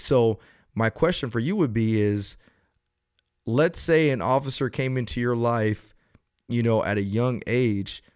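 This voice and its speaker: A man's voice: medium pitch, darkish tone, clean tone, no echo, studio quality. Earnest man hosting an interview. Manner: earnest, encouraging, asks long questions. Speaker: podcast host and police officer. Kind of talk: interview and reflective talk.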